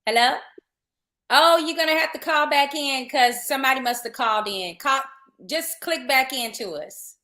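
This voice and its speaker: A woman's voice: high-pitched, normal speed, sharp tone. A woman hosting a podcast, chatting casually and promoting an event in an upbeat way. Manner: chatty, upbeat, loose restarts. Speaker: podcast host. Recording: roomy echoey sound.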